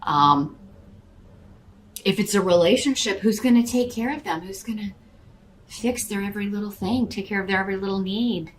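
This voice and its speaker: A woman with a medium-pitched voice reads tarot casually at a normal pace, speaking right to the listener and calling them by star sign. Her flow is rambling and halting, with frequent fillers and restarts, and the audio is poor with slight background noise.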